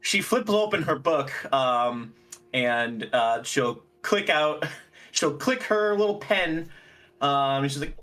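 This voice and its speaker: A tabletop player narrating what their character does, giggling between phrases. The pitch moves a lot, and the telling is loose and scattered. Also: lively intonation, slow pace, a bit bright, far from the mic. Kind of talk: describing a character's actions.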